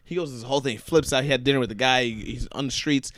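A man co-hosting a casual podcast chat, lively and profane, retelling film scenes with laughter. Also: medium pitch, fast, dry recording. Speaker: podcast co-host.

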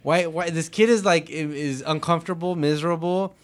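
A man's voice: fairly high pitch, fairly even intonation, a little fast. A man in casual podcast chat, telling laid-back stories and cursing freely. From Los Angeles area.

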